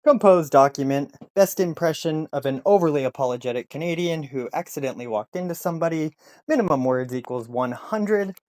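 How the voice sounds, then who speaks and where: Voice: medium pitch, lively intonation, fairly quick, darkish tone. A tutorial host talking casually and wryly, reading out typed commands. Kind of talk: casual screen-recorded tutorial.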